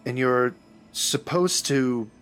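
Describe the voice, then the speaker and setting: A man's voice: medium pitch, a bit bright, smooth. Man playing a friendly afterlife bookkeeper. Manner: friendly, quick, reassuring. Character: kindly male bookkeeper of the afterlife.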